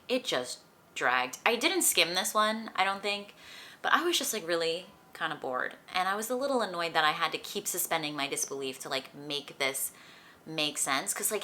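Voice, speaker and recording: A woman's voice: fairly low pitch, sharp tone. A young woman who is feeling sick, chatting casually about books as a vlogger, full of "like" and light laughs. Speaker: book vlogger. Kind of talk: casual chat.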